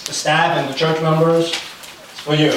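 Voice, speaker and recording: A man's voice: a little high, flat delivery, measured pace. A young man preaching in a casual, storytelling way, chatty with many fillers. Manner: chatty, anecdotal, lots of fillers. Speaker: pastor. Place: church hall. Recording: very echoey room, far from the mic, faint noise.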